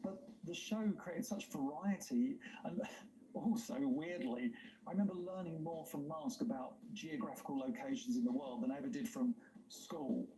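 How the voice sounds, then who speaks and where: A man's voice: fairly high pitch, low-quality recording. A man hosting a livestream in casual chat, talking enthusiastically and rambling, with frequent laughs. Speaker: livestream host.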